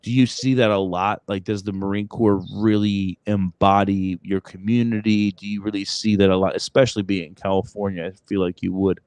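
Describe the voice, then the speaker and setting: A man's voice: lowish voice, flat delivery, brisk, hardly any pauses, darkish tone, clean tone, no room sound. A man hosting a podcast, telling rambling stories full of fillers and restarts. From Brooklyn, New York. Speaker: podcast host. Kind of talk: casual podcast chat.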